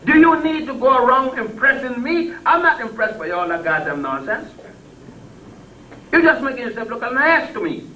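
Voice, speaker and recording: An older man giving an impassioned speech to a crowd, blunt and salty. He swings between loud peaks and low murmurs and chuckles as he tells stories. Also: sing-song, moderate pace. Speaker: public speaker. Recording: distant mic with faint background noise.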